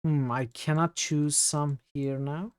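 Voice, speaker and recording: Smooth and steady, his fairly high voice keeps a slow pace as he streams a game. A native Turkish speaker with a Turkish accent, he keeps the commentary casual, thinking out loud and reading chat, with lots of fillers throughout.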